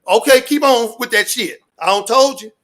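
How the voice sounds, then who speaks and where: A man ranting loudly and profanely in street slang, rambling and repeating his catchphrases. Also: very high voice, normal speed. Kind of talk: animated rant to an interviewer.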